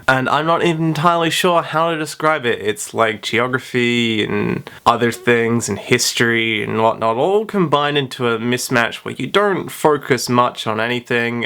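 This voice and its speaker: A young vlogger with a sharp-toned mid-range voice tells a funny school story to camera in a storytime vlog. He's chatty and pokes fun at himself, saying "like" a lot.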